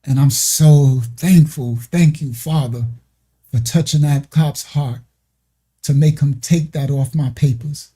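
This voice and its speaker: Husky, mellow-voiced man telling a story. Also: a little high, steady tone, slow pace. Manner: emotional, rambling, restarts dates and details. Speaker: ministry show host. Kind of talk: casual personal storytelling.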